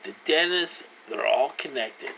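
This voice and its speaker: A vlogger in his forties speaks slowly and deliberately in casual direct-to-camera talk, earnest and pleading as he repeats himself to press each point. His voice is mid-range, bright, sharp-edged, and creaky with lively intonation, and the rough recording carries a faint hum of noise.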